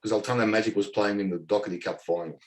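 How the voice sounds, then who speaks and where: A man in his forties with an Australian accent, a former footballer telling an animated story in conversation and acting out what others said. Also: fairly low pitch, quick pace. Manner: animated storyteller who acts out dialogue and laughs often.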